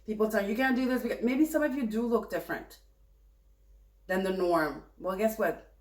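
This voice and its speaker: A woman giving a tarot reading in a chatty, animated, self-correcting way. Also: mid-range voice, normal speed, echoey room. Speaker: tarot reader.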